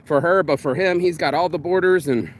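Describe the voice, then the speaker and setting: A man's voice: on the high side, brisk, slight background noise. A man delivering a profane, rambling rant, circling back with restarts as he talks. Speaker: vlogger. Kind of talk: ranting monologue.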